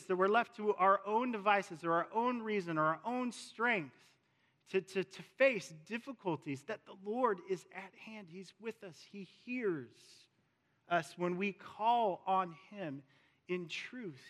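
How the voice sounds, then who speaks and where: Bright-voiced man preaching slowly. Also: high-pitched. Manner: slow, emphatic, repeats key words. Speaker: pastor. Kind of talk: sermon. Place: church sanctuary with a screen. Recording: long reverb of a large hall.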